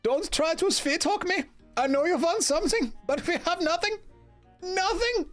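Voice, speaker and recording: A shrill, squawking villager, as a man puts him on, paranoid and sure every stranger is a vampire. He yells and accuses in a voice pushed far above his normal pitch, the lines read straight off a video game. Faint music plays underneath. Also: expressive, a little fast. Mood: suspicious, shouting. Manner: yelling, accusing, defensive. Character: jumpy, suspicious male villager hiding from vampires. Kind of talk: reading game dialogue aloud.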